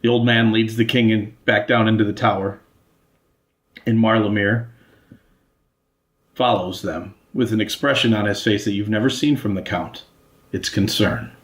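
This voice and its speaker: A man narrating a tabletop role-playing game as game master, telling the story at a measured pace. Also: lowish voice, fairly even intonation.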